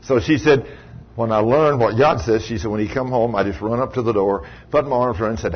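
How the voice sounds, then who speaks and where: A man preaching a sermon in an animated storytelling way, acting out the voices he quotes, on a dull lo-fi recording. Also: medium pitch, fairly quick, breathy edge.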